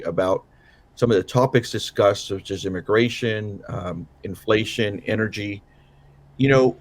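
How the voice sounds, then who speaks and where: A man with a fairly low voice co-hosts a casual political podcast, worn out after a late night. He rambles, restarting his sentences and leaning on fillers as he recaps the evening. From Southern California. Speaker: podcast co-host.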